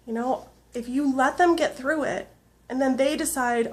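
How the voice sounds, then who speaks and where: A woman in her thirties, tearful, talking earnestly and haltingly in a personal video diary full of fillers. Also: high-pitched, fairly bright tone. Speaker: vlogger.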